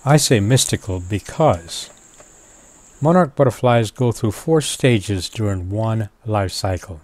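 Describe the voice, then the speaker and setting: Low-voiced man musing over nature footage. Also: lively intonation, darkish tone. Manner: musing, unhurried, talks to his subject. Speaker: nature video narrator. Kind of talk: reflective voice-over narration.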